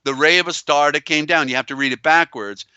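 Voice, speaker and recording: A man hosts a live broadcast with insistent, circling emphasis. He stumbles through restarts and fillers. His voice sounds bright and crisp, close and dry on a slightly dull, lo-fi line. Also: fairly high pitch, fairly even intonation, a little fast, no echo. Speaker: host. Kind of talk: live call-in show, reading viewer comments.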